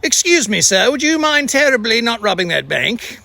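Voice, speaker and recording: A man's voice: very high voice, very animated, normal speed, gravelly, bright, forceful tone, no room sound, heavily acted. A man voicing an overly polite policeman, asking with apologetic courtesy. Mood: prim polite.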